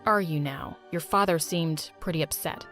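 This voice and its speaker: A woman voicing a gentle, proud young man who speaks low and subdued in an animated story. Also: normal speed, soft background music. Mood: guarded.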